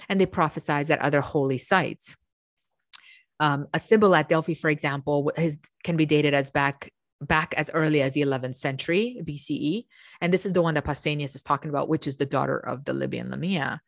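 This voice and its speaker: Woman, low voice, chatty lecture, rants now and then, dry close sound. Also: dry recording. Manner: chatty, ranting, with restarts and fillers. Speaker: host. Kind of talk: casual lecture.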